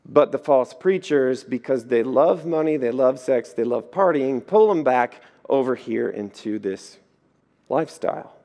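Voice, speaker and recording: A man preaching a sermon, telling stories in a lively way and acting out the voices in them. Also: medium pitch, unhurried. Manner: lively storytelling, acts out voices. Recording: echoey hall.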